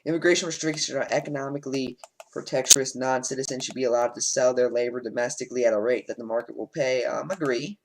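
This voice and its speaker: A let's play host with a medium-pitched voice talks fast into a home desk mic, reading quiz statements aloud and answering them bluntly with lots of ums. The low-quality recording carries a slight hiss or hum.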